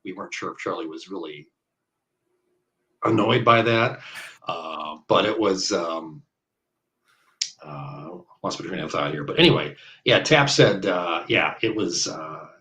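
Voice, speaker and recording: A man in his fifties from the American Midwest talks in a very low voice. He rambles through stories in casual interview chat, full of fillers and side tangents. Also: expressive, measured pace, poor audio. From Iowa, US Midwest. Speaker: guest bowler.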